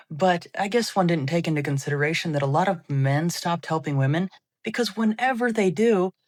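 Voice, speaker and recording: A woman reading scripted commentary in a sarcastic, dismissive way. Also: low voice.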